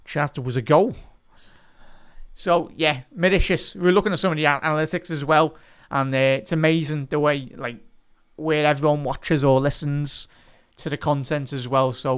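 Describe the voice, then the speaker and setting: Excitable man hosting a watch-along. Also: on the high side, moderate pace, clear, resonant tone. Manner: excitable, shouts at goals, chatty asides to viewers. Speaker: host of a live football watch-along. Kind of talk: live match reaction and chat.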